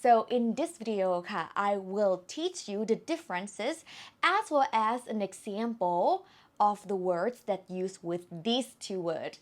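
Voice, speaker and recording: A woman leads an online language lesson in a Thai accent, slow and careful, repeating words to show how their tones sound. Her voice is mid-range and her intonation lively.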